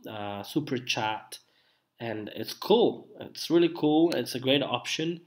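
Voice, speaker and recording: A man's voice: mid-range voice, lively intonation, measured pace. Chatty young man, unwell. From Italy. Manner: chatty, rambling, with many fillers and restarts. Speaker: live streamer. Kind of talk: casual live-stream chat.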